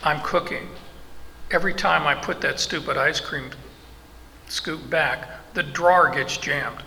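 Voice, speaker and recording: A middle-aged man preaching an expository sermon, slow and emphatic, with asides and restarts. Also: fairly high pitch, vocal fry, bright, forceful tone. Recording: long hall reverb, faint background noise.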